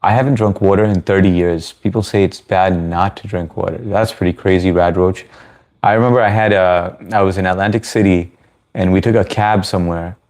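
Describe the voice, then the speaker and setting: A man's voice: low-pitched, steady tone, a little fast, a little mellow. A man in his thirties from the US, hosting a casual livestream Q&A, reading chat messages and rambling in a friendly way with many restarts. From United States. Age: 30s. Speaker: livestream host.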